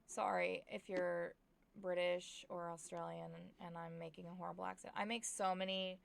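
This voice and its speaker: A tired young woman from Oklahoma with an Oklahoma accent, chatting excitedly and rambling as she streams a life-simulation game. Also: lowish voice, normal speed, vocal fry. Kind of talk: casual chat while playing a game.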